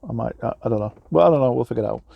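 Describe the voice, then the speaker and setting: A man's voice: medium pitch, very fast, gravelly, slightly rough, no room sound, dull audio. A man from England who drives trucks, chatting casually in a rambling, self-deprecating way with lots of fillers and restarts, recorded in his truck cab. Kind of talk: casual vlog chat.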